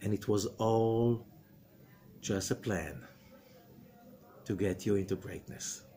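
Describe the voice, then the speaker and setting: A middle-aged man, a rabbi giving a spoken lesson, animated, with rhetorical questions and sudden swings between loud emphatic bursts and low quiet passages. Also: takes it slowly, a little hiss or hum. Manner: rhetorical questions and acted-out quotes. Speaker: rabbi and Zohar teacher.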